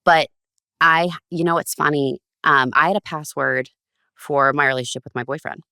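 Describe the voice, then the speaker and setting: A woman, a podcast guest, telling stories in a casual, animated way and acting out the lines of others with big jumps in pitch. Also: normal speed, vocal fry, smooth, no echo, studio quality. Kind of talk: casual storytelling.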